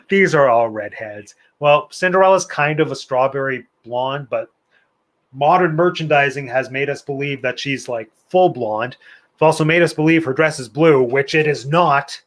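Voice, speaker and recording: A man's voice: mid-range voice, expressive, moderate pace, a bit bright. A man hosting a live online trivia night, reading out questions and answers in a chatty, playful way with opinionated asides. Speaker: trivia host.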